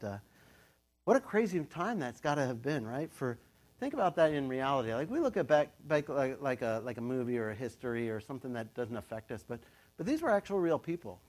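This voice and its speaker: A middle-aged man giving a casual, conversational sermon, telling the story with lively asides and laughter. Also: medium pitch, quick pace. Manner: animated storytelling, acts out quoted voices, laughs often. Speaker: pastor.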